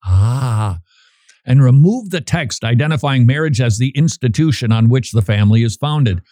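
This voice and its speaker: A man's voice: medium pitch, expressive, moderate pace, dark tone, no room sound, clean studio sound. A man hosting a show, giving casual, opinionated commentary in a conversational, emphatic way.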